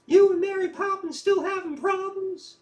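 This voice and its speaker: An actress in an audio drama playing a blunt, teasing woman friend who has a soft side. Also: extremely high pitch, steady tone, normal speed.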